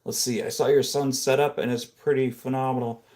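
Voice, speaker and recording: A man chatting loosely on his own livestream, drifting from point to point with plenty of filler. His voice sits at an ordinary middle pitch. He talks close into a boom microphone in a home room packed with monitors. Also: little pitch movement, a little fast, darkish tone. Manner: rambling, filler-heavy, says "dude" and "like" a lot. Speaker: livestream host. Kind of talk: casual livestream chat. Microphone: boom-mounted microphone.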